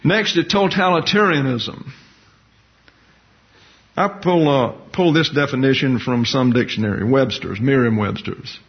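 A man preaching a sermon to his congregation in a church. He teaches in a folksy way, with jokey asides. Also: mid-range voice. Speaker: pastor-teacher. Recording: dull lo-fi sermon recording.

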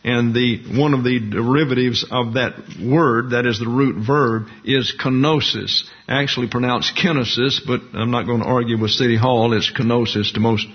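A man teaching a Bible study lecture, explaining doctrine slowly and carefully and walking through Greek terms and a diagram. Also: medium pitch, fairly even intonation, breathy edge. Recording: muffled lo-fi recording.

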